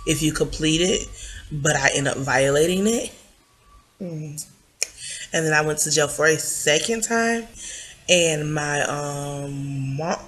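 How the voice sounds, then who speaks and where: A woman's voice: deep voice, a bit bright. Young woman vlogger, casual rambling storyteller, loose and filler-heavy delivery. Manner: rambling, filler-heavy retelling with many likes and ums.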